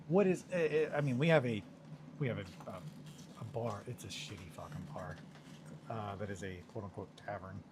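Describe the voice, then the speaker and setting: A man's voice: lowish voice, darkish tone, a little hiss or hum. A man chatting casually and rambling with viewers from his home studio, self-mocking and swearing now and then. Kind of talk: casual chat.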